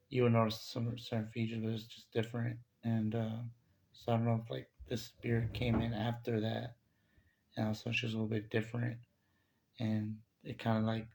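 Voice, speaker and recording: A man with a gravelly, creaky voice tells a spiritual testimony in a loose, casual way. He speaks in a flat, level tone, full of fillers and restarts. The delivery is rambling and conversational. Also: mid-range voice.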